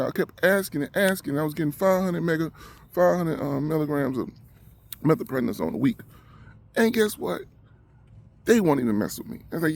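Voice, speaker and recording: A man's voice: a little high, sing-song, brisk, vocal fry, darkish tone, breathy edge. A man ranting emotionally to the camera, agitated and short of breath, repeating himself as he talks. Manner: agitated, repetitive, heated. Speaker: vlogger.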